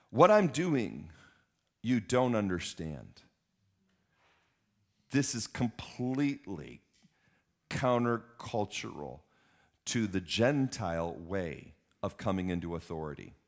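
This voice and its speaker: Brief: pastor in his fifties, animated sermon delivery, lively pitch, emphatic repetition. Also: a little slow. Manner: animated, emphatic, repeats words for stress.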